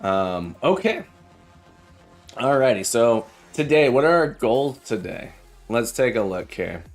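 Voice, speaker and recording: A man's voice: medium pitch, sing-song, slow. A man who teaches programming, chatting casually on a live coding stream, telling jokes and often repeating his phrases. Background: faint background music.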